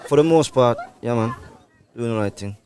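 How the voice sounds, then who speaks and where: Brief: man putting on a mellow West Indian accent, cricket pro, easygoing, mid pitch. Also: moderate pace, some chatter behind, slight background noise, natural voice. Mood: advising. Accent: put-on West Indian. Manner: easygoing, ends phrases with "man". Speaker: club professional cricketer.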